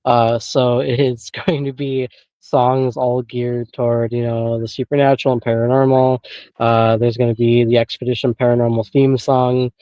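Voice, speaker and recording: A man's voice: medium pitch, flat delivery, moderate pace, dark tone, clean tone, dry recording, rough recording. A man guesting on an interview and chatting casually about paranormal investigating, rambling with many filler phrases and frequent chuckles, over a remote call.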